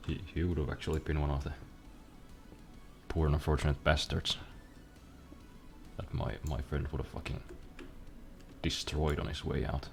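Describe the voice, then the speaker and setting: Very deep gravelly young man streaming. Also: level tone, moderate pace, pauses often, darkish tone, soft background music. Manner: rambling, profane, self-deprecating. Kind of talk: casual chat while gaming.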